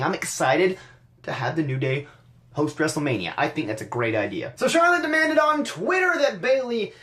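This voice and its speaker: Male podcast host, casual wrestling recap, dry sarcasm, stammers and restarts. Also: on the high side.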